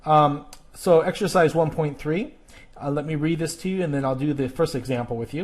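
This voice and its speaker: A man's voice: on the high side, a little fast. A male teacher explaining an exercise in a recorded video lesson, patient and self-correcting as he goes step by step.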